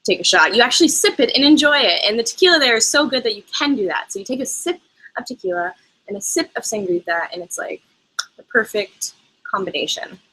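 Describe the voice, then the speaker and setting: Bubbly, bright-voiced woman vlogger chatting. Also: a little high, expressive, brisk, poor audio. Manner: bubbly and chatty, laughs often. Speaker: travel vlogger host. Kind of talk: casual live chat answering viewer questions. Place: lives in Canada.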